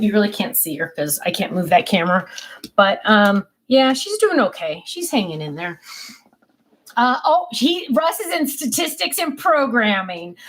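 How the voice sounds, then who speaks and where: Woman, middle-aged, slightly high voice, casual livestream chat, rambling, home office. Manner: chatty and rambling, with many ums and restarts; calls out to her dogs in a high sing-song voice. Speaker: livestream host of a craft channel. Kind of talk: casual live chat reading viewer comments.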